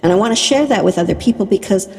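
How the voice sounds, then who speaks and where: A woman's voice: medium pitch, expressive, very fast, creaky, darkish tone, long reverb tail. A woman hosting a podcast, reflecting on her guest's words and summarizing them in an affirming way. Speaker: podcast host. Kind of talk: conversational podcast interview.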